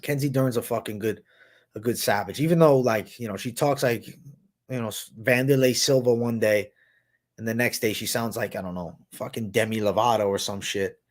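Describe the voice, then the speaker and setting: A man's voice: lowish voice, moderate pace, dry recording. A young man hosting a livestream, talking in a crude, rambling, profanity-heavy slang as he reads and answers chat. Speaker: livestream host.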